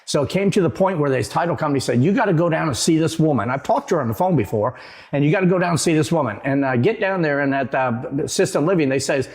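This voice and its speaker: Rambling male realtor, somewhat high voice, stop-start storytelling with animated retellings. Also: fast talker. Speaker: real estate agent, guest. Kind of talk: casual storytelling.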